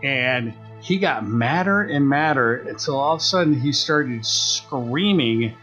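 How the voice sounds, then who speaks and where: A man's voice: mid-range voice, normal speed, soft background music. Man telling a story on a podcast. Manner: animated retelling, acts out quoted voices. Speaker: podcast co-host. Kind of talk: casual storytelling.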